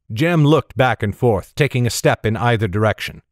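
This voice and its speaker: A man giving steady, measured narration of a fantasy story. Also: mid-range voice, no room sound, studio quality. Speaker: audiobook narrator.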